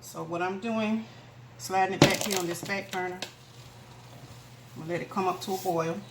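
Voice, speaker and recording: A woman shows viewers how she cooks at home, chatting homily from her kitchen, where the sound echoes amid background noise. Speaking at normal speed in a mid-range voice with fairly even intonation, she's warm and chatty, addressing everyone as "y'all."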